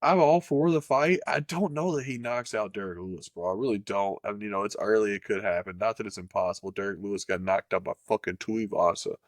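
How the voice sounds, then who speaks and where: A man's voice: lowish voice, fast talker, hardly any pauses, no room sound, clean studio sound. A man co-hosting a sports podcast in casual chat, swearing freely and breaking into playful impressions. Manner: profane, animated, jumps into playful impressions. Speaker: podcast co-host.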